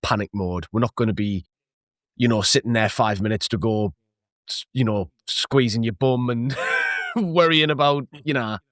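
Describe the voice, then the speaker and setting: Medium in pitch with a fairly bright tone, a casual football podcast co-host talks at a moderate pace over a remote call. He's hesitant, full of fillers and quick to laugh, and the recording is dry and clean like a studio.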